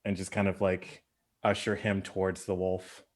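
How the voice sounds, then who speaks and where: A man's voice: deep voice, little pitch movement, unhurried, a little mellow. A man describing his character's actions in a tabletop game, casual and hesitant with lots of fillers. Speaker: player.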